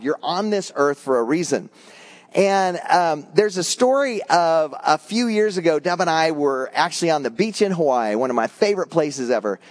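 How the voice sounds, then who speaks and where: A middle-aged male pastor preaching in an animated, conversational way, breaking off into quick asides. His voice sits a little higher than most men's. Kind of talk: sermon.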